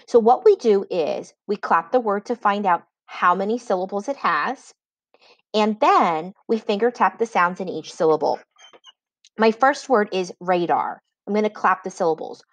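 A woman reading teacher giving a recorded spelling lesson for children, dictating words slowly and clearly with example sentences. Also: medium pitch, expressive.

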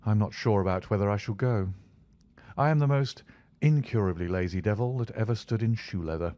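A man reading the part of a calm, aloof male detective, cool and unhurried in manner. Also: lowish voice, no echo, muffled recording, lightly acted. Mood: languid.

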